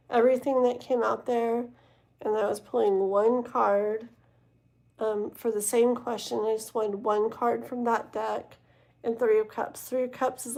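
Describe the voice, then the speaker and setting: A woman's voice: on the high side, vocal fry, warm tone. A woman reading tarot live and chatting casually with viewers, with many fillers and "okay?" check-ins. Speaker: tarot reader.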